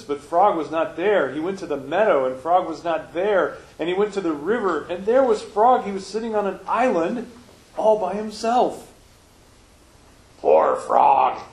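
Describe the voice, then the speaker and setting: A man leading a church service and reading a children's story aloud, in a gentle, lively manner. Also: high voice. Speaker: worship leader. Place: church hall. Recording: roomy church echo.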